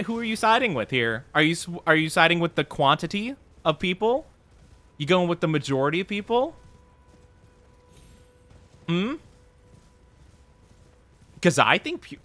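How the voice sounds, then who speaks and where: A man's voice: sits high, a bit bright. A young man streaming a video game, chatting casually with his viewers and teasing them in a playfully mock-indignant way.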